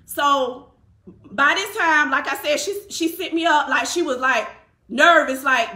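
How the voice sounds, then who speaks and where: A woman's voice: high voice, measured pace, roomy sound. A woman tells a personal story in casual talk, acting out what others said. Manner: animated, acts out quotes of others.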